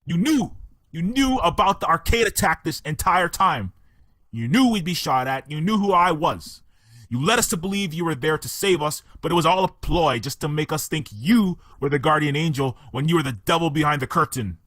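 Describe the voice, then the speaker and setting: A man's voice: fairly high pitch, lively intonation, moderate pace, a bit bright, no echo. An actor playing a betrayed male detective who accuses the woman who hired him. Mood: accusing. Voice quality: indignant, accusing.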